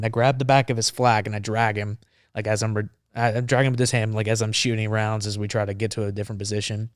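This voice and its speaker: A man's voice: fairly low pitch, flat delivery, quick pace, dry recording, studio quality. A man, a former Marine, telling a story casually and animatedly on a podcast, acting out the dialogue.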